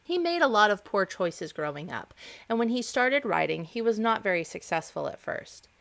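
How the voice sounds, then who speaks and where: A woman hosting a podcast, reading fables to children in a gentle, expressive storytelling voice. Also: mid-range voice, moderate pace, vocal fry. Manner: expressive, gentle, varied intonation. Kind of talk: storytelling narration for kids.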